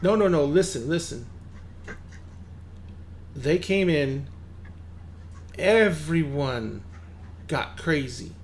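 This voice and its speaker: A man's voice: fairly high pitch, animated, slow, pauses often. A man voicing a defensive, foul-mouthed male tattoo shop owner who swears freely. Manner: swears freely, streetwise and exasperated.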